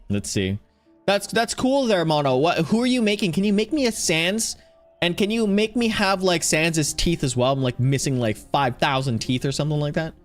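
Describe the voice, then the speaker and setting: Chatty man streaming a game, lively voice. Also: on the high side, moderate pace, faint music behind. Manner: chatty, rambling, greets chatters by name. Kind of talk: casual chat while playing.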